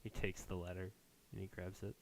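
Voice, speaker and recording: A man's voice: low voice, flat delivery, fairly quick, gravelly, a little hiss or hum. A man narrating a tabletop game as game master in a casual, rambling way with many fillers.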